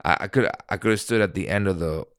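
Low-voiced new guy rambling through a story, swears a lot, dry close sound. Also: fast talker, no room sound. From New York. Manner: rambling, animated, swears freely. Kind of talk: casual storytelling.

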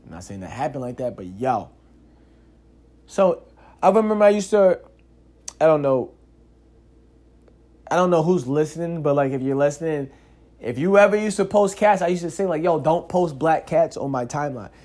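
A man hosting a casual solo podcast, telling stories in an animated, slangy way, cursing freely and filling his talk with "yo" and "like". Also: fairly high pitch, moderate pace, long pauses. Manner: animated, slangy storytelling with frequent "yo" and "like"; curses freely. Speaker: podcast host.

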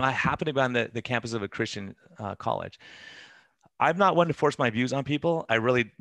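Fast-talking earnest man, low voice. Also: fairly bright tone, no room sound. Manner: fast, earnest, self-interrupting talk. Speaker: doctor and podcast guest. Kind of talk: conversational interview.

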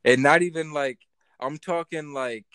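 A man's voice: a little high, unhurried, fairly bright tone, smooth, no echo. A man co-hosting a casual podcast chat, talking animatedly, swearing and repeating himself as he jokes. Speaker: podcast co-host.

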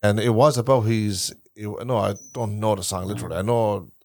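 A man's voice: lowish voice, fairly even intonation, a little fast, no room sound. A man with an Irish Traveller accent, a podcast host who rambles and repeats himself while telling family stories in a casual chat recorded in a caravan.

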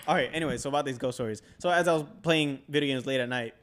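A man's voice: mid-range voice, rapid-fire, a bit bright. A young man casually telling a spooky story, laid-back and peppered with swearing and filler words.

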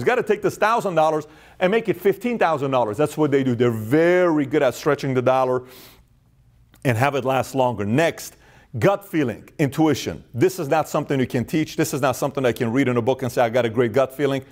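Fast-talking man giving a business talk. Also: a little high, a little mellow. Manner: emphatic, acts out quoted inner voices. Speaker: host. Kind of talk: motivational talk to camera.

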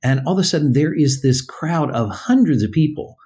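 An older man from the United States, a guest in a casual interview, telling a story in a halting, animated way and acting out the dialogue. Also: on the high side, breathy edge.

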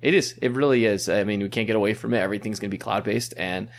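Upbeat man hosting a casual chat. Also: on the low side. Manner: upbeat, quick, restarts and fillers. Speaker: podcast host. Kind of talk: casual chat, presenting news.

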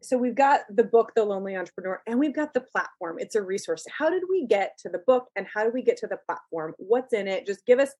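A woman's voice: medium pitch, expressive, fast, few pauses, mellow, slightly rough, no echo, muffled recording. A woman hosting a podcast who asks questions in a chatty, enthusiastic way. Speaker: podcast host. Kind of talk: casual interview.

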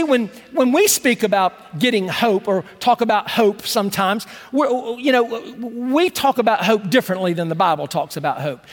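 A male pastor with a very high voice, preaching a sermon in a relaxed, conversational way. He stumbles over repeated words, then slows right down to press home a phrase. The sound carries the long reverb of a church hall. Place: church sanctuary.

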